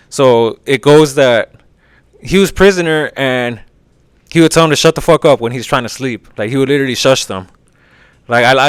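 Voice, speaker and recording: A man's voice: medium pitch, fairly bright tone, clean tone, dry recording. A man hosting a podcast, casually retelling a story in a rambling, profane way. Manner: profane, rambling, lots of filler. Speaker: podcast host.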